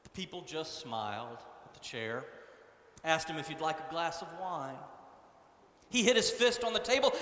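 A man preaching a sermon as a story, with dramatic, animated delivery. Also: on the high side, normal speed. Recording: echoey hall.

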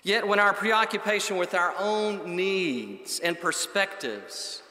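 A man preaching a sermon in a measured, emphatic way, building his points in lists. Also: sits high, pushed and bright. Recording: echoey hall with long reverb.

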